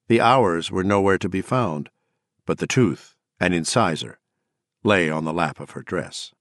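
An audiobook narrator with a low male voice reads scripted narration from a dark novel, telling it in a measured, dramatic way. The recording is dry and of studio quality.

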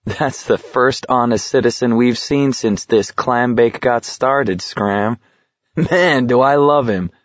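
A male audiobook narrator voicing a hysterical, mocking young man who giggles and rants in a high sing-song. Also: slow pace, no room sound, muffled recording, natural voice. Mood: sardonic.

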